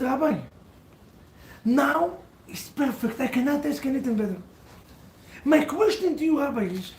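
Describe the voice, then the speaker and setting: A man giving a sermon as a rabbi to a seated audience, telling stories in halting, non-standard English. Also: very high-pitched, a little mellow, reverberant, far from the mic, a little hiss or hum, poor audio.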